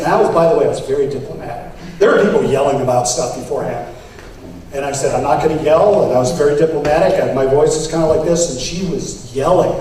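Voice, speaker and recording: A man gives a campaign speech to a room of delegates, his fairly high voice ringing through a very echoey hall. He sits back from the mic, and a faint hiss runs underneath. He tells his story with emphasis and lifts his voice when quoting others. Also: fast, mellow, distant mic. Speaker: political candidate. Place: convention hall.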